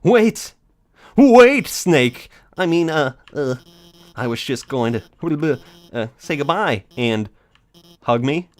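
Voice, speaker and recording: A man's voice: mid-range voice, slow, no room sound. A man doing let's play commentary, rambling in a theatrical, mock-dramatic way.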